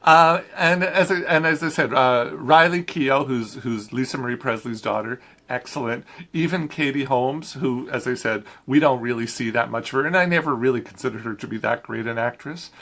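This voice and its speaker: A man's voice: medium pitch, normal speed, few pauses, fairly bright tone. A man reviewing a film in a casual chat, talking easily with frequent restarts and laughs. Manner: chatty, laughs often, many restarts.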